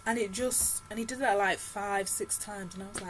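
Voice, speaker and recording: A woman's voice: mid-range voice, fairly quick, few pauses, fairly bright tone, rough recording. Young woman vlogger rambling through a film recap, slangy and chatty, lots of "like" and "whatever", faint hiss behind. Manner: chatty, slangy retelling with lots of fillers and asides. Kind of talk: casual chat.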